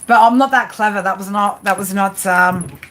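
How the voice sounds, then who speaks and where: A woman's voice: mid-range voice, moderate pace, a bit bright. A woman doing live tarot readings, chatty and rambling, often restarting her sentences. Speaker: tarot reader.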